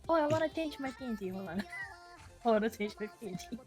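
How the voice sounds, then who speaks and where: A woman chatting playfully on a live stream call, tossing in quick asides. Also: a little high, animated. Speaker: guest on voice chat. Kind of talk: casual chat. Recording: quiet voice with music behind.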